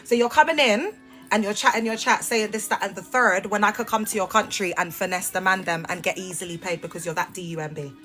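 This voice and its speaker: A woman's voice: medium pitch, brisk, bright, forceful tone, faint music behind. A woman, talking on a phone live stream and confronting her viewers in a sassy, heated way. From United Kingdom. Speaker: livestreamer. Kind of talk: casual live-stream rant.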